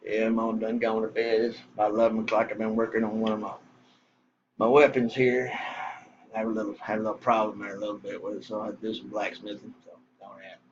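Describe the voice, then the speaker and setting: A man's voice: lowish voice, little pitch movement, fast. Texan man, middle-aged, folksy rambling storyteller, dull lo-fi sound, faint background hum. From Southern US. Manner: rambling, folksy, swears casually. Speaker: vlogger telling a story. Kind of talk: casual storytelling.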